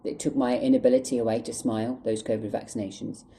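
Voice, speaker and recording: Sex: man. Style: storytime vlog. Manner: angry, swearing, on the verge of tears. Tone: very dark and mellow, faint background noise. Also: medium pitch, level tone, fast, poor audio. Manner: angry, emotional, heavy swearing. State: close to tears. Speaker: vlogger.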